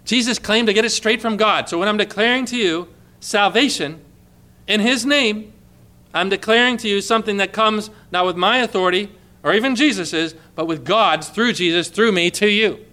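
A man delivers a sermon as pastor, his voice pitched high and ringing bright. He preaches with emphatic fervor, leaning into each quoted verse. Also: normal speed. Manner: emphatic preaching, quoting scripture with rising fervor.

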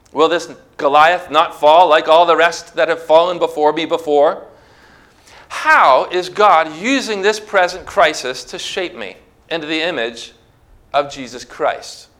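Bright-voiced male preacher, forceful delivery. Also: a little high. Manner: emphatic preaching, rising to near-shouts. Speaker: pastor. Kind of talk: sermon.

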